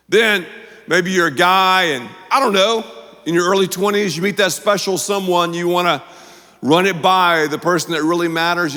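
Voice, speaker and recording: A man's voice: sits high, pushed and bright. A man preaching a sermon as pastor in a church, emphatic and conversational, with punchy asides. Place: church auditorium. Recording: long reverb from the hall.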